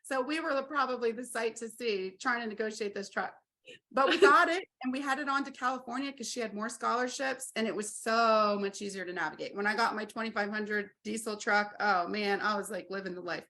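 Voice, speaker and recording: A woman's voice: mid-range voice, brisk. A woman in her forties, telling her story as an interview guest and acting out quoted dialogue with energy. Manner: animated, acts out quoted dialogue. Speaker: guest, RV business owner.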